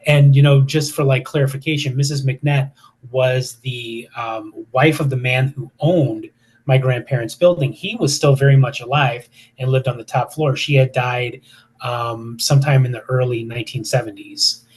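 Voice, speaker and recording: A man's voice: medium pitch, fairly even intonation, normal speed, slightly rough. A man in his fifties, a paranormal investigator, telling stories casually in an interview with many fillers and restarts.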